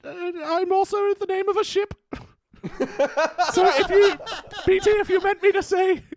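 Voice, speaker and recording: A man's voice: very high voice, little pitch movement, moderate pace, no room sound, voice pushed up. A man putting on a comic impression of an elderly queen, posh and giggly.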